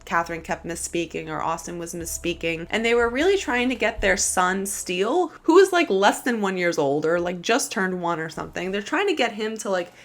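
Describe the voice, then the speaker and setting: A woman's voice: on the low side, expressive, fairly quick, hardly any pauses. A woman giving casual commentary on online drama, sassy and dramatic, swearing freely. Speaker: commentary YouTuber.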